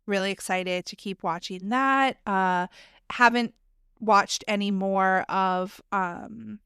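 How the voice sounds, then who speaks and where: A woman's voice: mid-range voice, steady tone, slow, fairly bright tone, clean tone, no echo, clean studio sound. Chatty woman co-hosting a podcast. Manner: chatty, giggly, lots of fillers. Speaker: podcast co-host. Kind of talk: casual podcast chat.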